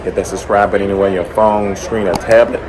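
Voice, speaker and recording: A man from the American South, hoarse, hosting a car vlog in an upbeat, chatty way that speaks straight to his viewers. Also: on the low side, fairly even intonation, fast talker, noisy background. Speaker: car channel host. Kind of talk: casual vlog talk to camera. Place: conference room at a car event.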